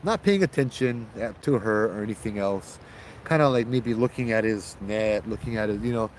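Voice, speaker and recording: A man telling a ghost story in a loose, animated way, with restarts and fillers. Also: lowish voice, normal speed, a little hiss or hum, poor audio. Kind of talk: casual spoken ghost storytelling.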